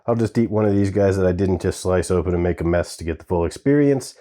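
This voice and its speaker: A man's voice: deep voice, fast, dark tone. A man hosting a gardening channel, chatting casually to camera and owning up that he can't pronounce plant names. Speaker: gardening and pepper-tasting channel host. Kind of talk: casual vlog talk to camera.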